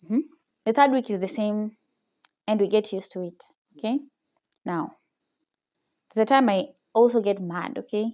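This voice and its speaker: A young Kenyan-accented woman vlogs casually on a phone camera, retelling a personal story with animation, frequently ending lines with "okay?" and laughing a lot. Her medium-pitched voice has a darkish tone, and she speaks unhurriedly with long pauses. The recording sounds muffled.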